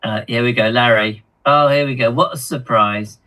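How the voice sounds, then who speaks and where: A man co-hosting a hobby live stream, reading viewer comments aloud in a halting, chatty way with lots of ums and repeated words. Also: medium pitch, pushed and bright, low-quality recording. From United Kingdom.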